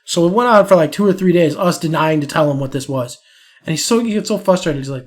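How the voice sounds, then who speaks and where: A young man with a slightly high voice talks fast while co-hosting a podcast. His allergies are acting up and his eyes are swollen, but he still laughs his way through a profane story about a prank at a bar, in a casual, chatty tone.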